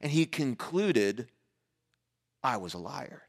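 A man preaching a sermon as a pastor, telling a family story in a casual, conversational way and acting out the dialogue with lively energy. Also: medium pitch, slow. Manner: animated storyteller who acts out dialogue.

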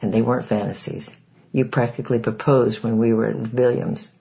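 A man's voice: mid-range voice, level tone, normal speed, gravelly, warm tone, lightly acted. A man reading aloud, voicing a determined woman with little change to his own voice. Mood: angry, firm. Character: determined woman who shelters children.

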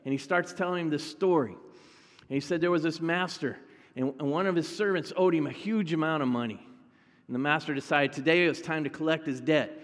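A man's voice: on the high side, brisk, big-room sound. A male pastor preaching a sermon in a conversational way, talking directly to his congregation.

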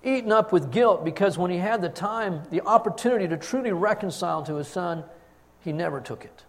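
A man preaching a sermon, telling the story with emphatic swings in loudness. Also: sits high, expressive, a little fast.

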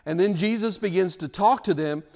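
A man preaching a sermon as pastor, retelling a passage in an emphatic, animated way with frequent restarts. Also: high voice, normal speed.

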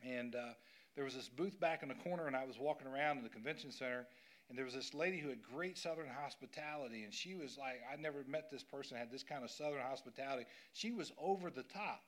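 A man's voice: mid-range voice, fast. A middle-aged male pastor telling a personal story during a sermon, acting out what people said. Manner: animated storyteller acting out quotes.

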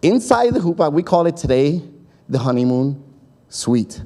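A man's voice: fairly high pitch, sing-song, normal speed, mellow. A man preaching a sermon, telling a story in a chatty way, acting out voices and often checking in with his listeners. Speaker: pastor.

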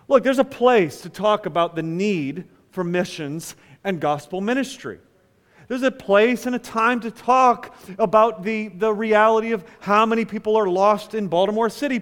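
Man, pastor, sermon, unhurried delivery, loud-to-hushed swings, long hall reverb. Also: sits high. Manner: dramatic swings between loud emphasis and hushed asides.

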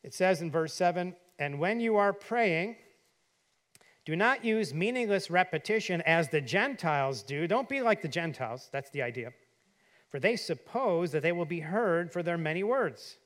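Man preaching a sermon, expressive. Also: normal speed. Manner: rhetorical questions and dramatic emphasis on quoted verses; drops to a quiet, low voice for asides. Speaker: pastor.

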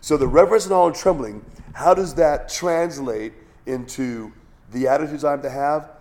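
A man's voice: fairly high pitch, moderate pace, darkish tone. A man teaching the Bible as a pastor. He talks in a conversational way, often restarts phrases and checks in with "all right?".

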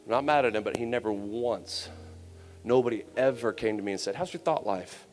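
A man's voice: fairly low pitch, fairly even intonation, brisk. Man, youth camp preacher, candid storytelling, long hall reverb, faint music behind. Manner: candid, conversational storytelling with humor. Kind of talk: personal testimony sermon.

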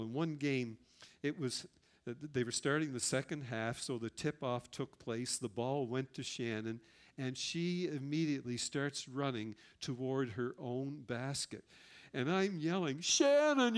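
A middle-aged man preaching a sermon and telling personal stories earnestly. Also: medium pitch. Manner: earnest storytelling with personal anecdotes. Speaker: pastor.

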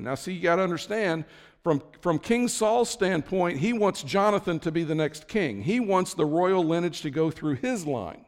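A man's voice: on the high side, animated, normal speed, in a large hall. A man preaching a sermon as pastor, conversational, with frequent restarts and asides.

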